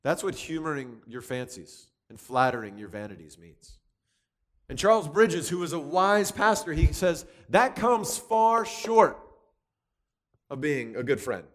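A man giving a conversational sermon, lively and chatty, often restarting with repeated words. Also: medium pitch, normal speed. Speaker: youth speaker teaching from Proverbs.

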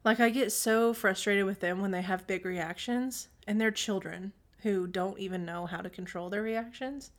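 A woman in her thirties co-hosting a podcast, telling stories in animated casual chat and acting out quotes, often clearing her throat. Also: medium pitch, moderate pace, hardly any pauses. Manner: animated storytelling, acts out quotes. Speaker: podcast co-host.

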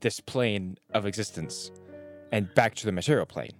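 A man's voice: on the low side, normal speed, soft background music. A man playing a tabletop game who speaks hesitantly, often stammering. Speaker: player.

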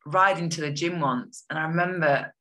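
A woman's voice: deep voice, normal speed, fairly bright tone. A young woman being interviewed, talking in an enthusiastic, chatty way with lots of fillers. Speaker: guest. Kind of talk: casual interview chat.

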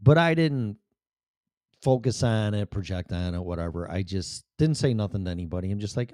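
A man's voice: lowish voice, lively intonation, brisk, darkish tone, dry recording, clean studio sound. A man hosting a show, telling a personal story bluntly, full of profanity.

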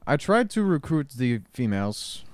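Deadpan braggart with a fake Spanish-style accent, a man hamming it up, lively swooping pitch, dry close sound. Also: moderate pace, dry recording, close to an everyday voice. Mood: deadpan boastful. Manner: deadpan, formal phrasing without contractions. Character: self-important male persona with fake Spanish-style accent. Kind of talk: comedic improvised bit.

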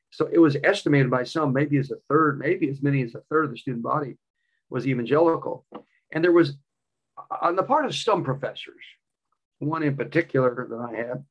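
A man's voice: medium pitch, breathy edge, highs cut off. A male preacher delivering a sermon with a personal story, emphatic and repeating key phrases.

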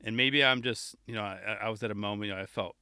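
On his solo podcast, a man rambles with enthusiasm in a casual way, frequently interrupting himself to start sentences over. He speaks quickly in a lowish, pushed, bright, clean voice, captured with clean studio sound and no echo.

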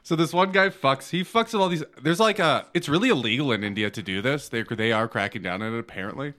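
A man's voice: mid-range voice, lively intonation, fast, sharp tone. Brief: male podcast co-host, rambling storyteller, casual and crude. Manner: rambling storytelling, swears freely. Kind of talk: casual profane podcast chat.

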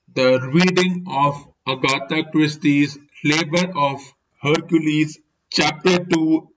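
Slow, deliberate male story reader. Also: on the high side. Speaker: podcast host and reader. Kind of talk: book reading narration. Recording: dull lo-fi recording with steady noise.

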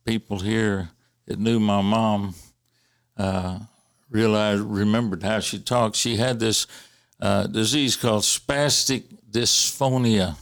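A man casually telling family stories in a halting way, with many fillers and restarts and the odd chuckle. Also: on the low side, steady tone. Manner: chuckles while recalling. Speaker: interviewee recalling family history. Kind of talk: casual storytelling.

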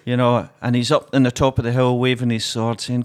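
A man, a podcast co-host, telling a joke and chatting casually, animated and laughing often. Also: medium pitch, normal speed, few pauses.

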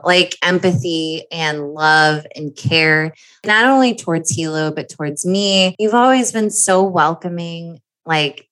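Woman, podcast guest, earnest, heartfelt, candid conversation, slightly low voice. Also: fairly bright tone, low-quality recording.

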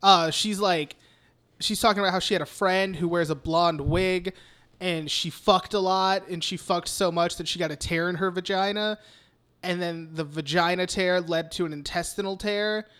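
A man's voice: sits high, steady tone, normal speed, a bit bright, clear, resonant tone. A young man hosting a podcast, recapping a film in rambling, profane casual chat full of "like". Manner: rambling, profane, heavy use of "like". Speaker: podcast host.

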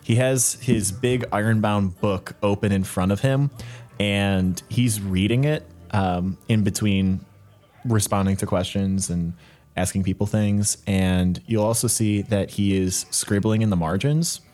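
Low male player, dry wit, plain delivery. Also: a little mellow. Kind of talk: casual play at a tabletop game.

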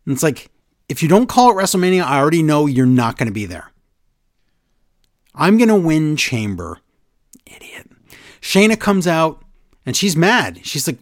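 A man's voice: on the high side, normal speed, long pauses, no echo, studio quality. A man co-hosting a casual podcast chat, recapping wrestling and acting out the quotes in different voices. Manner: animated, acts out quotes with voice changes.

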